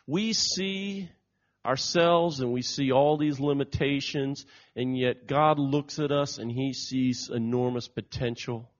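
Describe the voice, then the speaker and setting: A man preaching a sermon, telling stories in a lively way and acting out the quotes. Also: medium pitch, slow. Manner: storytelling, animated, acts out quotes. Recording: dull lo-fi recording.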